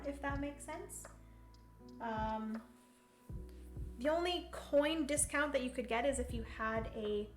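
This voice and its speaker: A high-voiced woman plays a board game solo on a live stream, counting pieces and reasoning through her moves out loud. Her voice rings in a roomy space with faint music underneath. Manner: chatty, thinks aloud while counting and reading rules; greets chat viewers playfully.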